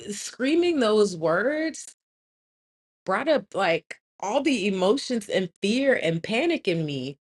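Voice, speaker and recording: A young adult woman tells a story in a loud, lively voice at a middle pitch. She is animated and emphatic, and leans hard on the key moments. Her delivery is casual and direct, as if talking to friends. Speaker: host.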